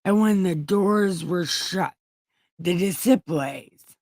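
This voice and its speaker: A woman's voice: on the low side, slow pace, darkish tone, dry recording. A woman hosting an online show, reading scripture aloud with irreverent comic asides and casual swearing. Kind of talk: comedic Bible reading.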